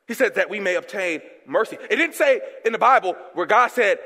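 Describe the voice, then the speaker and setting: A young man delivers a fervent call-and-response sermon, tossing questions for the congregation to answer. His voice sits high for a man. It rings out with a long reverb, as in a large church sanctuary. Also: lively intonation, a little fast, hardly any pauses. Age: young adult. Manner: swings from loud outbursts to hushed tones. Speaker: guest preacher.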